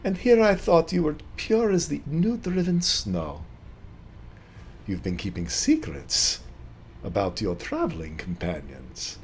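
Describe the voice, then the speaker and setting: A man's voice: a little high, wildly swooping pitch, measured pace, slight background noise, pitched above the performer's own voice, full character voice. A man voicing a haughty, elegant French noblewoman with a put-on French accent. He plays her arch and probing.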